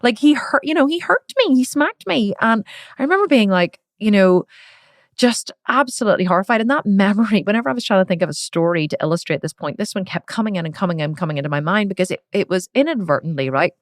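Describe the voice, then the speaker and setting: A middle-aged woman, hosting a podcast and telling a personal story in a frank, animated way with casual swearing. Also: mid-range voice, fast, dry recording, clean studio sound. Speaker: podcast host. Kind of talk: candid personal storytelling monologue.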